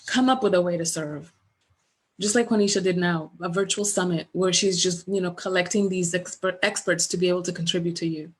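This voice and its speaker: Middle-aged woman, business coach, chatty webinar delivery on a webcam, animated storyteller. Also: lowish voice, fairly quick, husky. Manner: animated storyteller, acts out remembered dialogue. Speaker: business coach presenting at a virtual summit. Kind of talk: conversational webinar presentation.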